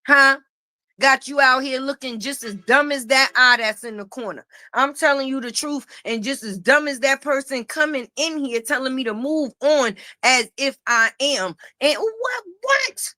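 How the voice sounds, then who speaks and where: A woman's voice: sits high, moderate pace, sharp tone, no room sound, studio quality. A middle-aged woman, delivering a profane, confrontational livestream rant with repeated taunts. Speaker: livestream commentator.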